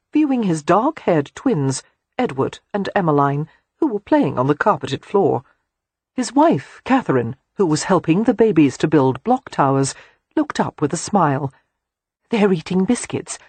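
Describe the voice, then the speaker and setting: Husky audiobook narrator, lots of pitch movement, dry sound. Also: a little mellow, no room sound. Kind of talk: scripted narration.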